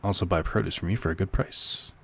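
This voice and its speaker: A bright, salesy village shopkeeper from a farming game speaks in a clumsy made-up accent, as a man puts him on. The voice sits low and gravelly underneath the act. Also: steady tone, quick pace, full character voice. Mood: cheery salesy. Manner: fumbled put-on accent. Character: cheery male shopkeeper in a silly accent.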